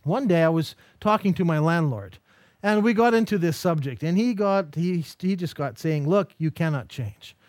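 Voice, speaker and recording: A man's voice: high voice, moderate pace, a little mellow, no room sound, clean studio sound. A man giving a Christian mission lecture in a conversational, storytelling manner, with rhetorical questions. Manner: anecdotal, acts out quoted dialogue while storytelling. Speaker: lecturer teaching a mission course.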